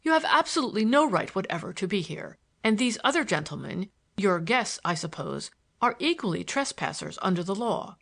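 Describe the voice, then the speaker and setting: A woman's voice: medium pitch, sing-song, fairly quick, gravelly, hardly any pauses, fairly bright tone, heavily acted. A woman reading an audiobook, voicing a stern, impatient male estate executor with a curt, indignant manner.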